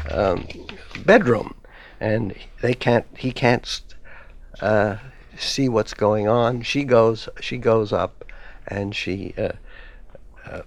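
A man speaking as a guest scholar in a radio discussion, halting, with many fillers and restarts. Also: lowish voice. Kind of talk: academic discussion.

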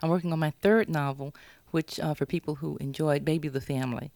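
A woman talks about her novel in an interview, thoughtful and full of restarts. When the story heats up, she acts out her characters with lively swings in pitch. The sound is close and dry. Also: a little fast, gravelly, no room sound. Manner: animated storytelling, acting out her characters' lines. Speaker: author being interviewed.

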